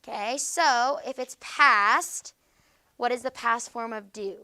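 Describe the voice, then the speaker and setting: A woman teacher gives a classroom grammar lesson in a fairly high, bright, forceful voice. She explains patiently and keeps checking that her students follow with a quick "okay?".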